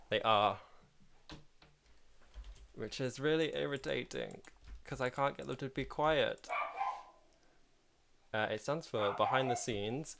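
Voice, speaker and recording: A man's voice: medium pitch, creaky, a bit bright, slight background noise. A man hosting a casual game livestream, talking in a chatty, rambling way and laughing often while he plays. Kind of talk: casual live commentary while playing.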